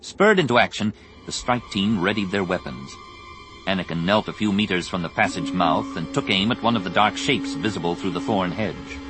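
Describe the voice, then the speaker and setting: A man narrating an audiobook in an expressive, measured storytelling voice, with music underneath. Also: low-pitched. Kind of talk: scripted narration.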